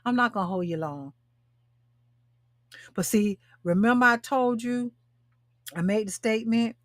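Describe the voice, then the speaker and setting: A woman's voice: a little high, measured pace, dry recording. An emphatic woman hosts a live stream, calling out to her viewers and repeating her points. The sound is dry and close, with hardly any room around her. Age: 60s. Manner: emphatic and preachy, repeats phrases, calls out to viewers. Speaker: talk show host and life coach. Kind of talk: live-stream talk to a women's audience. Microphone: webcam or phone mic, live stream.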